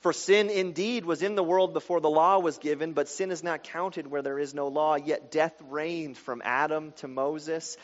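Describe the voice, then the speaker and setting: A man preaching a sermon, moving between quiet explanation and loud, emphatic passages. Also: on the high side, steady tone, moderate pace, hardly any pauses. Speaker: pastor. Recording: dull sound with long hall reverb.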